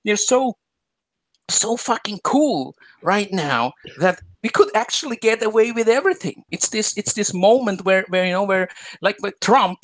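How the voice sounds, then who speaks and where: A man's voice: high voice, lively intonation, moderate pace, a bit bright. Rambling boastful male podcast co-host. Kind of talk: casual chat, bragging banter.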